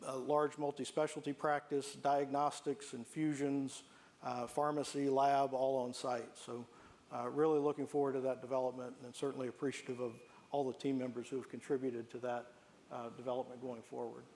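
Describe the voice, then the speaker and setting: A man, a health system executive, giving a measured presentation to a room of staff and listing services one by one. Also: medium pitch, darkish tone. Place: meeting room with a live staff audience.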